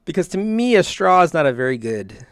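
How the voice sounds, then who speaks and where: A man's voice: on the high side, very animated, brisk, clear, resonant tone, no room sound. Man telling rambling stories, dry mic. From American South. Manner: rambling storyteller, chuckles often. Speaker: podcast host. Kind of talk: casual podcast chat.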